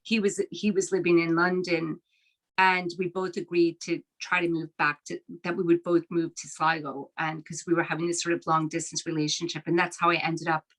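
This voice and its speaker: A woman's voice: on the low side, flat delivery, fairly quick, a bit bright, low-quality recording. A woman in her fifties with an American accent and an Irish lilt, chatting as an author guest over a video call. She laughs often and restarts her sentences. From Philadelphia, USA. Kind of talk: casual interview chat. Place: at home on the Irish coast.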